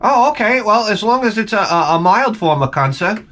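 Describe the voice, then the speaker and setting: A man putting on an overly nice coworker, high chipper voice, stammering pleasantries. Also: animated, moderate pace, fairly bright tone. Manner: cheery, stammering small talk.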